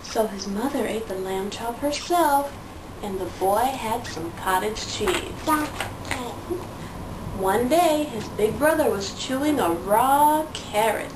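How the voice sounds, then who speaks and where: A woman reading a picture book aloud to her toddler in a slow, sing-song storytelling voice. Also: on the high side, lively intonation, distant mic. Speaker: parent reading to her child. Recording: roomy sound from away from the mic, faint noise.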